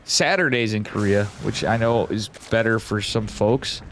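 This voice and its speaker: A man's voice: lowish voice, normal speed, a bit bright, faint music behind. A man casting an esports match, chatting casually with a rambling, joking manner and frequent swearing. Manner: rambling, jokey, swears freely. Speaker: esports caster.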